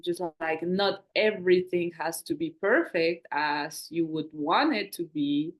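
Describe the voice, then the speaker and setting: A woman's voice: on the low side, a little slow. A woman co-hosting a podcast, talking in a reflective, rambling way with many fillers. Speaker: podcast co-host. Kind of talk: casual conversational podcast chat.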